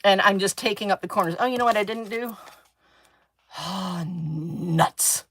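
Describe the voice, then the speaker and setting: A woman's voice: mid-range voice, unhurried, fairly bright tone, low-quality recording. Chatty, dry-witted middle-aged woman. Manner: dry sarcastic storytelling, chatty and talkative. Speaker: craft channel host, former chemistry teacher. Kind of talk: chatty crafting livestream.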